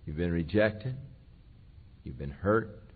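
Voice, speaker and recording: Slow, emphatic man preaching on a tinny line. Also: low voice, lively intonation, slightly rough. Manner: reads scripture with slow emphatic stresses. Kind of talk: sermon. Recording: tinny phone-like sound.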